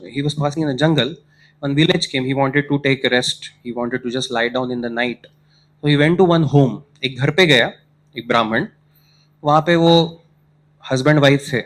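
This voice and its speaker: A man delivers a sermon as a long moral story. His voice sits a little high. He pauses now and then to ask whether his listeners are following along. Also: fairly bright tone. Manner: storytelling, mixing in Hindi phrases, checks listeners follow. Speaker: preacher.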